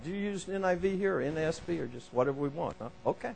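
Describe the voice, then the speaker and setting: A man preaching a sermon to a live congregation, animated and repetitive, calling out listeners by name. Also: sits high, fast talker, creaky, breathy edge.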